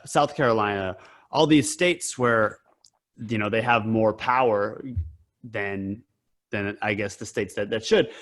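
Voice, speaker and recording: A man's voice: lowish voice, fairly bright tone. A man co-hosting a political podcast, talking casually and hesitantly with frequent repeats. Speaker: podcast co-host.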